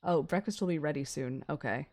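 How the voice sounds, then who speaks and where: A young adult woman streamer reading a visual novel aloud on a gaming stream, excitable and swearing between gasps and laughs. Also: deep voice, fairly quick.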